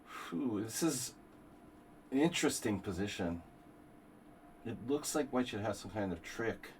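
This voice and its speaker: Slow-talking man thinking aloud over chess. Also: fairly low pitch, lively intonation, a little hiss or hum. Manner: thinks aloud, calculating move lines, rambling asides. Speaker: chess streamer hosting a simul. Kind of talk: live-stream commentary while playing.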